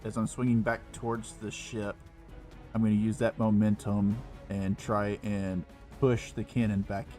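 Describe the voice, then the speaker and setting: A man with a fairly low voice, casually talking through his character's moves at a tabletop game. He speaks relaxed and plain, with faint music behind. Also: measured pace. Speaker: player.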